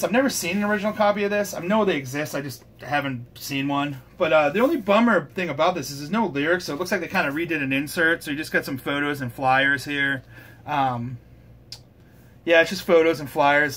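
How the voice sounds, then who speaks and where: A man's voice: a little high, fairly quick, a bit bright. A man hosting a casual record review show, talking in a loose, rambling way and swearing casually. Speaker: host.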